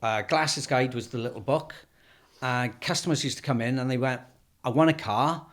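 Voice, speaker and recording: A man hosts a conversational interview, relaxed and plain-spoken. He tells anecdotes in a voice of ordinary, middle pitch. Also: moderate pace. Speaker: podcast host.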